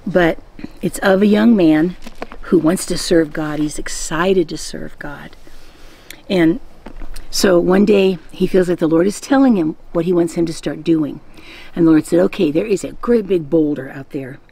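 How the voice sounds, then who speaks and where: A woman hosting a devotional podcast, telling a faith story in a gentle, conversational way. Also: on the low side, a little slow, gravelly, slightly rough. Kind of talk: devotional Bible teaching.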